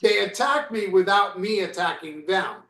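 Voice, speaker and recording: Blunt older man, high voice, echoey. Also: moderate pace, sharp tone. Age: 60s. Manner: blunt, emphatic interjections. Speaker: podcast co-host. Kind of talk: casual podcast chat. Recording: echoey room.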